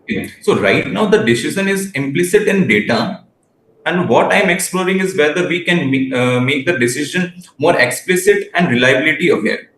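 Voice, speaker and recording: A young man in his late teens gives interview answers. His phrasing is halting and he often restarts his sentences. His voice sits a little high and rings in an echoey room. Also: animated, fairly bright tone, slight background noise. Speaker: guest researcher.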